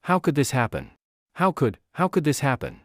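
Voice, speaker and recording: A man's voice: fairly high pitch, very animated, moderate pace, no room sound, clean studio sound, pitched above the performer's own voice. A man voicing a terrified tearful young woman. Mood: frightened. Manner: trembling, sobbing pleas. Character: frightened young woman captive, tearful and pleading.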